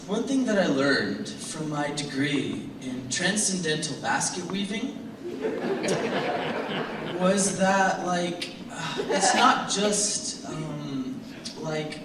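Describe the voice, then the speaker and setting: Joking young man emceeing in a hall. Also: high voice. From Brazil. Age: young adult. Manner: joking, playful, chatty with the audience. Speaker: stage presenter. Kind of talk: live stage emcee patter. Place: performance hall with a live audience. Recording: roomy hall, distant mic, background noise.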